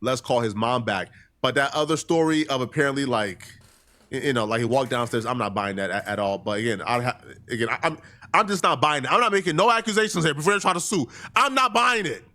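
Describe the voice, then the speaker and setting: A man's voice: medium pitch, animated, fast, bright, forceful tone. A man hosting a casual reaction stream, skeptical and slangy in his commentary. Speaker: commentary host.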